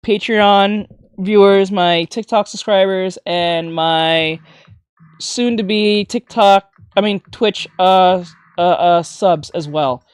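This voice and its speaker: A woman art teacher chatting casually on a livestream while drawing, gushing with thanks and breaking into excited shouts. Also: fairly low pitch, dry recording. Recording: faint music behind.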